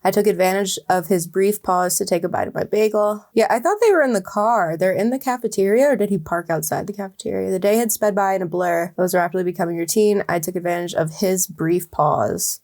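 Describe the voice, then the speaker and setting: A woman's voice: medium pitch, brisk, hardly any pauses, a little mellow. A woman writer reading her draft aloud and revising it as she goes, with a chatty, wry manner and casual fillers.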